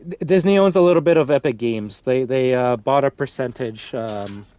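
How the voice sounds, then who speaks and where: A man's voice: medium pitch, normal speed, clear, resonant tone, highs cut off. Rambling male streamer, swears casually. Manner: rambling, many restarts and fillers, swears freely. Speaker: streamer hosting a game lobby. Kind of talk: casual live-stream chat.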